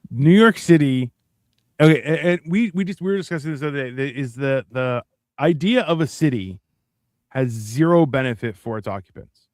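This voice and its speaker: A man co-hosting a casual, profane podcast chat, rambling and animated, often acting out other people's voices. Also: mid-range voice, normal speed, no echo, clean studio sound. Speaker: podcast co-host.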